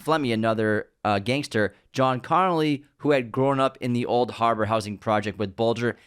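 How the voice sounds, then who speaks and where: A man co-hosting a casual film podcast, enthusiastically running through background facts in quick lists. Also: medium pitch, no room sound, studio quality. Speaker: podcast co-host.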